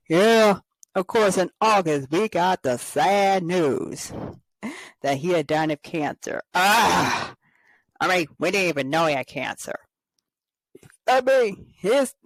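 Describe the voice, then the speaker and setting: A woman hosting a fan chat, giggly and rambling. She speaks slowly with a very lively pitch. The recording is close and dry. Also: no room sound, rough recording. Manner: giggly, rambling, frequent laughs. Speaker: host of a toy fan show. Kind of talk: casual chat with skits.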